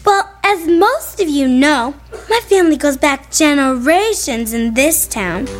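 A woman's voice: sits high, expressive, unhurried. A woman playing a boastful know-it-all schoolgirl in a radio drama, insistent and bragging.

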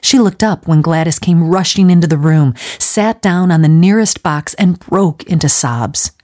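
A woman narrating a story aloud in a measured way with dramatic pauses. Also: fairly low pitch, warm tone. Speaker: audiobook narrator.

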